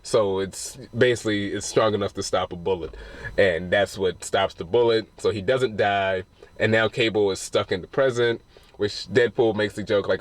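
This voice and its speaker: A man's voice: on the low side, fairly even intonation, moderate pace, dry recording. Man casually rambling through a film recap. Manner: rambling and profane, retelling scenes. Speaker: film reviewer. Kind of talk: casual spoiler review.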